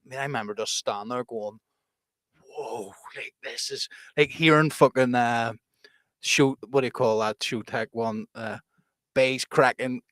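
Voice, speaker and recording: A man's voice: medium pitch, steady tone, measured pace, fairly bright tone, dry recording. A young man with a Northern Irish accent, co-hosting a casual podcast, telling stories with lots of swearing and laughter. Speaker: co-host.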